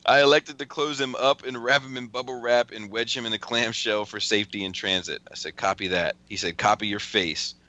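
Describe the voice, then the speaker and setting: A man's voice: lowish voice, steady tone, brisk, few pauses, sharp tone. A man hosting a podcast, casually reading out text messages with a lot of cursing and laughing. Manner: profane, laughing often while reading. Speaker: podcast host.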